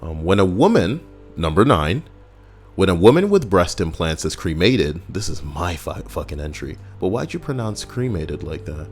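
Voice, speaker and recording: Low-voiced man giving crude, rambling gameplay commentary. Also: big pitch swings, moderate pace, a little mellow, slightly rough. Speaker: gaming YouTuber. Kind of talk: casual gameplay commentary reading a list. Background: faint background music.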